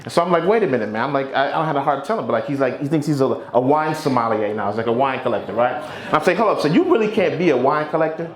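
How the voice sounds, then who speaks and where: A man's voice: mid-range voice, expressive, quick pace, few pauses. A man of fifty doing a stand-up set, with a profane, punchy delivery. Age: 50s. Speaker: stand-up comedian. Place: comedy club stage. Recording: echoey club with crowd.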